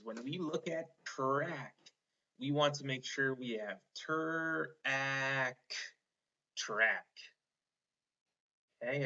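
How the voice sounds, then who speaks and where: A man's voice: medium pitch, bright, forceful tone, lo-fi sound. A man teaching a one-on-one spelling lesson, patiently sounding out words letter by letter and encouraging the student.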